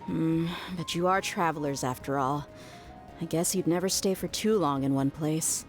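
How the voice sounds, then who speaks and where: An actress playing an easygoing, friendly female mercenary who talks in a calm, unhurried way. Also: low-pitched, faint music behind, close to an everyday voice.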